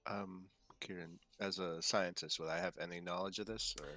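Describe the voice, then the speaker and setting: A man's voice: deep voice, fairly even intonation, normal speed, sharp tone, dry recording. A man playing a tabletop game, inquisitive and a little hesitant, asking the game master questions. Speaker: player. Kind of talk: casual tabletop role-play.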